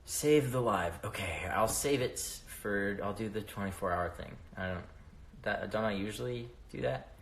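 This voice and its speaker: Talking into a phone with a roomy echo around him, a young livestream host answers viewer questions in a rambling, casual way, cursing freely and drifting off track. He speaks at a moderate pace in a lowish, gravelly voice.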